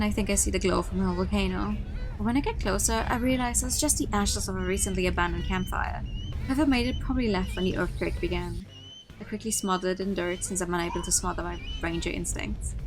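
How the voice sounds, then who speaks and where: A woman's voice: medium pitch, low-quality recording. A woman streamer reading a story game aloud in the first person, narrating expressively with small slips and restarts. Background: background music.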